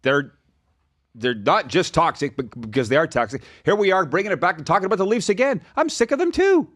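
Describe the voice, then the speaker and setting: Animated man chatting about hockey. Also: fairly high pitch, fairly quick, no echo, studio quality. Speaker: podcast co-host. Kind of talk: casual sports chat.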